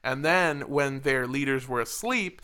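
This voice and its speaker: A man's voice: mid-range voice, measured pace, bright, forceful tone, clean tone. A man co-hosting a podcast, rambling and jokey with a lot of swearing. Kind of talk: casual comedic chat.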